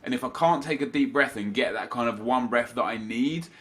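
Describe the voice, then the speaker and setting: Talking briskly in a mid-range, fairly bright voice, a young gaming-channel host speaks casually to camera from his home office. His nose sounds a bit stuffy, and his talk meanders with plenty of restarts and side comments.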